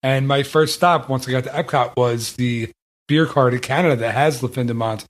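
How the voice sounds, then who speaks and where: A man's voice: mid-range voice, fairly even intonation, moderate pace. A man hosting a casual podcast, telling easygoing, self-deprecating stories. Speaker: podcast host.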